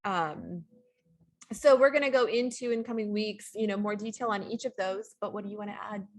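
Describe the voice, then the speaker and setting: A woman co-hosting a wellness show, talking casually and haltingly with frequent pauses and restarts while sitting on a couch. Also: medium pitch. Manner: halting, many ums and restarts. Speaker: wellness coach, co-host. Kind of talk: casual coaching talk.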